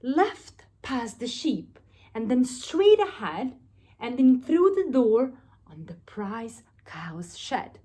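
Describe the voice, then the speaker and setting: A woman's voice: a little high, big pitch swings, slow, mellow, slightly rough, full character voice. A woman voicing a little spotty ladybird in a storybook, earnestly warning the farm animals. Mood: urgent. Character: little spotty female ladybird, quiet and clever.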